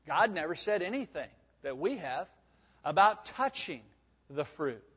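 A male pastor preaching a sermon in a church sanctuary, swinging between hushed and emphatic delivery. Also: on the high side, very animated, measured pace, husky. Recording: dull sound with long hall reverb.

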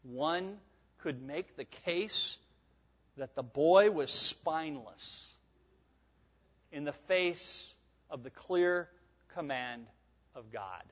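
A male pastor preaching a sermon in a church sanctuary, swinging between hushed and emphatic delivery. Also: on the high side, animated, extremely slow, pauses often. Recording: dull sound with long hall reverb.

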